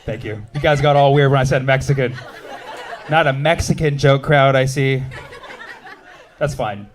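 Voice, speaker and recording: A man's voice: mid-range voice, normal speed, slight background noise. A man in his thirties doing stand-up comedy on a club stage, teasing the crowd with a punchy, wry delivery. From United States.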